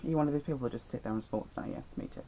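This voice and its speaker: A man's voice: medium pitch, racing, dark tone, a little hiss or hum, poor audio. Chatty teen boy vlogger. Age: teens. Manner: chatty, rambling, self-deprecating. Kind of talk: storytime vlog.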